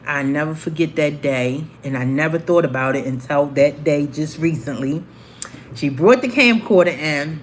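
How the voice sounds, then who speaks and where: A woman's voice: deep voice, normal speed. Woman, forties, livestream host, chatty storyteller who acts out every voice, faint noise in the background. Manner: animated, acts out quoted voices.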